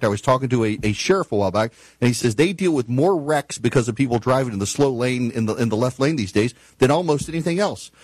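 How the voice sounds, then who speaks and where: A man ranting through a talk show monologue, his pitch swinging widely as he tells an exasperated story. The sound is dry and close, with no room echo.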